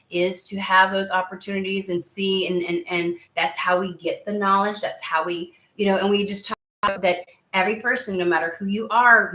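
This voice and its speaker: Chatty woman with a bright, echoey voice. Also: medium pitch. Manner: rambling, chatty, many fillers and restarts. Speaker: tarot reader and channel host. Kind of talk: casual chat to camera.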